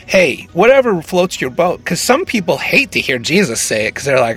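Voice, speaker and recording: A man co-hosting a podcast in loose, joking chat, his voice gravelly and a little husky. He swings his pitch around a lot and talks with a bright, forward edge. Faint music plays underneath. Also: fairly quick, hardly any pauses. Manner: joking, animated, self-mocking. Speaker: podcast co-host introducing calls.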